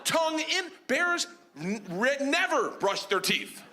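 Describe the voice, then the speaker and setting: A male stand-up comedian telling a wild story, animated and exaggerated, often shouting punchlines. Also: extremely high pitch, takes it slowly, noisy background.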